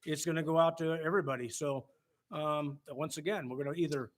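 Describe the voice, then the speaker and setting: A man's voice: on the high side, fairly even intonation, a little fast. A man who is a state senator, explaining procedures matter-of-factly as a guest in a political interview.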